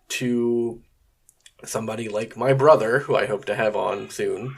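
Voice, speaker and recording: A man's voice: mid-range voice, steady tone, a little slow. A man hosting a podcast on his own, talking conversationally with frequent fillers and some mild swearing. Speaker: podcast host. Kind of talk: casual solo podcast monologue.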